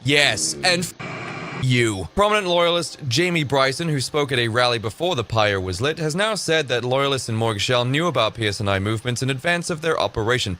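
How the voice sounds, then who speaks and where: A male online commentator reads news stories aloud and breaks in with sarcastic, mocking asides. His voice is bright and edged. He often jumps up into loud, high exclamations. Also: expressive, fairly quick. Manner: sarcastic, mocking, swings into high shouted bits.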